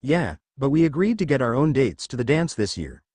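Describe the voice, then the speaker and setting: A man's voice: mid-range voice, very animated, fairly quick, a little mellow, husky, no room sound. A man voicing a confident, breezy teenage girl hero in a read-aloud story, in close to his own voice.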